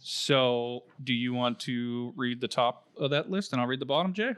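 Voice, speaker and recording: A man's voice: medium pitch, moderate pace, a bit bright, smooth. A young man co-hosting a gaming podcast, chatting casually and laughing often between jokes. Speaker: podcast co-host.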